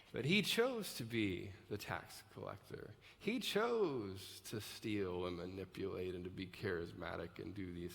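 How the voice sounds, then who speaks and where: A man's voice: low voice, gravelly. A male pastor preaching a live sermon in a conversational style that builds to emphatic peaks. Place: large church auditorium. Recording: live hall reverb.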